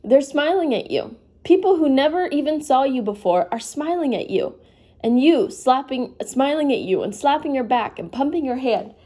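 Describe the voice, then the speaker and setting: A woman's voice: sits high, animated, moderate pace, dark tone. A sleepy woman reading a novel aloud in a casual, informal way, stopping now and then to comment. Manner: informal, breaks off to apologize and comment. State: sleepy, yawning. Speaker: reader.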